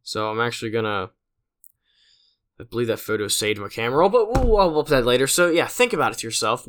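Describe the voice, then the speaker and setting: A late-teen guy rambles casually through his own solo podcast, full of fillers and self-deprecating asides. His medium-pitched voice is a bit bright, moves fast, and swings widely in pitch.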